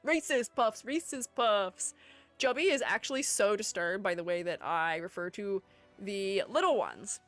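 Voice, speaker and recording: A woman's voice: medium pitch, animated, unhurried, fairly bright tone, faint music behind. A woman streamer in casual livestream chat, playful and chatty, reading her viewers' messages aloud and answering them. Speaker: streamer ranking game character designs.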